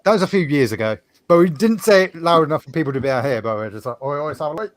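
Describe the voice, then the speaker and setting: A man's voice: on the high side, animated, racing, heavy background noise. A man chatting on a group call, telling stories from past jobs. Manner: chatty storyteller. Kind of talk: casual chat.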